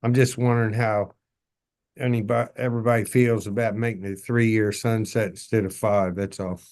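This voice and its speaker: A man's voice: fairly low pitch, little pitch movement, normal speed, a little mellow. A man legislator speaking in a committee discussion, easygoing and plainspoken.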